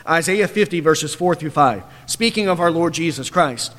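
A man preaching a sermon with forceful, emphatic delivery, building to loud declarations and dropping low again. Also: animated, moderate pace, long reverb tail.

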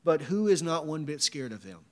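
A man's voice: a little high, big pitch swings, a little fast. A man preaching a sermon, reading scripture and asking emphatic rhetorical questions.

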